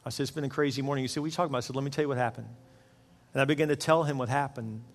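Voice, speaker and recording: Earnest pastor preaching in a reverberant hall. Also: male voice, mid-range voice, racing. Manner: earnest storytelling, repeats words when excited. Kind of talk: sermon. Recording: long hall reverb with faint music.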